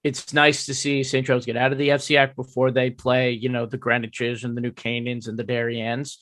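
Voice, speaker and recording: A man co-hosting a casual high school football podcast, talking conversationally and restating his points. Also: little pitch movement, brisk, fairly bright tone, dry recording. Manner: conversational, repeats points, frequent fillers. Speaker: podcast co-host. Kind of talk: casual sports podcast chat.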